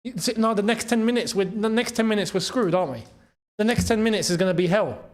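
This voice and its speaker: A young man hosting a live football watchalong, reacting to the match, shouting at big chances, groaning at misses and thanking viewers in the chat. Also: high-pitched, fast talker. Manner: chatty, reads out and thanks chat members.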